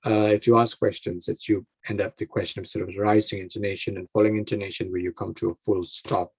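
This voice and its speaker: A man talking casually in an interview, explaining in a halting way and often restarting his phrases while he looks for words. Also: on the low side, little pitch movement, a little mellow, husky. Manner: explanatory, advice-giving.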